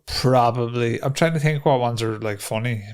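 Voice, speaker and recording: A man's voice: mid-range voice, normal speed, a little mellow, smooth. An Irish man co-hosting a podcast in laid-back casual chat, laughing easily and reading out listener questions. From Ireland. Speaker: podcast co-host.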